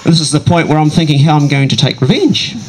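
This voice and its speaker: Animated New man telling a story. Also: fairly high pitch, fast talker, crowd noise, low-quality recording. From New Zealand. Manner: animated, does voices of other people. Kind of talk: comic storytelling.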